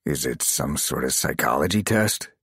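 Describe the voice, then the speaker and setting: A man voicing a tough but friendly male ex-Navy SEAL, speaking in a plain, direct, husky way. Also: a bass voice, expressive, moderate pace, fairly bright tone, no echo, studio quality, exaggerated voice.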